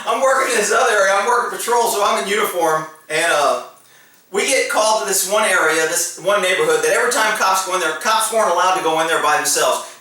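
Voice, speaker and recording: A man's voice: high voice, sharp tone, very echoey, distant mic, low-quality recording. A man, a former police officer, telling his stories in a casual, laughing, profane way. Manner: laughs often, swears freely, acts out quotes. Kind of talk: casual storytelling to camera.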